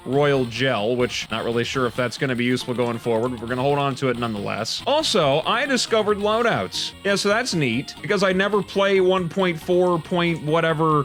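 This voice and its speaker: A man's voice: medium pitch, fairly bright tone. A young man giving casual, chatty let's-play commentary as a gaming host, rambling with joking asides.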